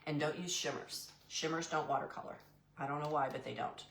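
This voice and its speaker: A woman's voice: sits low, brisk, creaky, roomy sound, background noise. A woman hosting a live painting demo who chats in a goofy way with viewers and calls them "y'all". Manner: chatty and goofy, answers live chat by name. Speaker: craft live-stream host.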